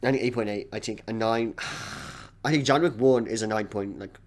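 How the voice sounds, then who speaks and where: A man's voice: fairly low pitch, moderate pace. A man co-hosting a podcast, chatting casually about movies with hesitant, stammering restarts. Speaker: podcast co-host. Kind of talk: casual movie review chat.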